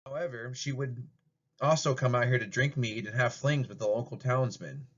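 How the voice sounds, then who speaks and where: A man's voice: mid-range voice, normal speed, a bit bright, lo-fi sound. A man narrating a fairy-tale story in a plain read-aloud way for a class project. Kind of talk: amateur storybook reading.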